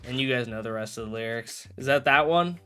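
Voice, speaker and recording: Young guy streaming, rambly and jokey, bright crisp voice. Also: mid-range voice, a little fast, soft background music. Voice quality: rambling, self-correcting, jokey. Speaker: live streamer. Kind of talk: casual live-stream chat while gaming.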